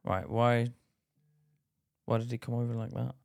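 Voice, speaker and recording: A man's voice: mid-range voice, moderate pace, gravelly. A man, co-hosting a podcast, telling a story in casual chat and acting out the other people's voices. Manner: animated, acts out voices in anecdotes. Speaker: podcast co-host.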